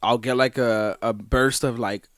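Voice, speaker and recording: A man's voice: medium pitch, steady tone, measured pace, a bit bright, dry recording, studio quality. A man chatting casually as a podcast guest, rambling loosely with lots of fillers.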